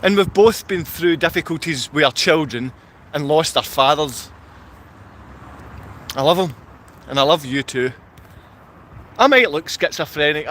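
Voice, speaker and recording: Scottish man, a bit high-pitched, rambling live stream, answers comments, outdoors, faint traffic behind. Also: a bit bright. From Scotland. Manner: rambling, reads viewer comments aloud and answers them. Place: outdoor car park.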